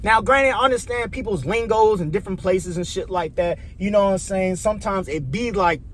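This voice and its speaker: A man's voice: sits high, brisk, a bit bright, slight background noise. A young man from Chicago with a Chicago accent, ranting in a loose, profane, rambling way that repeats itself. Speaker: vlogger. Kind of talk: casual opinion rant.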